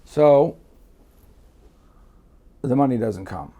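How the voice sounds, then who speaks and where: A man's voice: mid-range voice, expressive, extremely slow, dark tone. A middle-aged man from Miami, telling a blunt, profane story as a guest. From Miami, United States. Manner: blunt, swears freely, acts out quotes.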